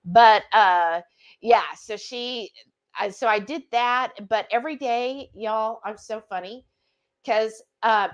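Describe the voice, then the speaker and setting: A woman's voice: fairly high pitch, measured pace, muffled recording. A woman hosting a cooking livestream, chatting casually and animatedly, reading out viewer comments and laughing often. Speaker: livestream cooking show host.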